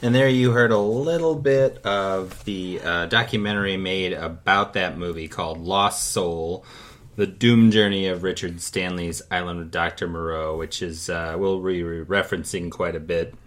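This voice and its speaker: A man's voice: low voice, moderate pace, fairly bright tone. A man co-hosting a casual movie podcast, wry and rambling, with many fillers and restarts. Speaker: podcast co-host. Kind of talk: casual chat.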